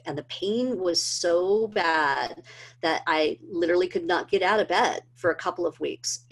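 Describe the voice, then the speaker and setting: A middle-aged woman earnestly telling a personal story, with many fillers and rising emotion. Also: deep voice. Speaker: presenter of a health training video. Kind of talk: personal testimony talk.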